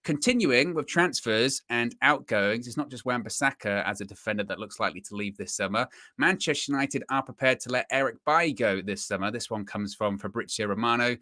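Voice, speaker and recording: A man's voice: mid-range voice, brisk, hardly any pauses, sharp tone, dry recording, studio quality. A young man hosting a football fan live stream, chatting casually, bantering and plugging the channel. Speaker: host of a football fan show.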